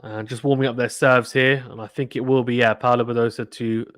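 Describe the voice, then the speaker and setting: A man in casual watchalong mode, talking to his chat in a mid-pitched voice and often repeating himself. His voice is recorded close and dry, with no room sound, like a desk microphone at home. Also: flat delivery, brisk, a bit bright, no room sound. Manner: chatty, repeats himself, talks to chat viewers. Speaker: live stream commentator.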